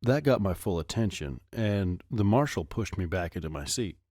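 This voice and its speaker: A man narrating a first-person adventure audiobook with expressive storytelling. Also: low-pitched, normal speed, dry recording, clean studio sound.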